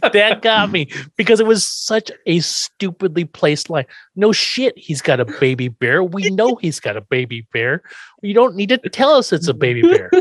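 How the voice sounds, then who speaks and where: Animated male co-host, swears freely, dry studio mic. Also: high-pitched, normal speed, no room sound. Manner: animated, profane, acts out characters. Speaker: podcast co-host. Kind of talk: casual chat recapping an episode.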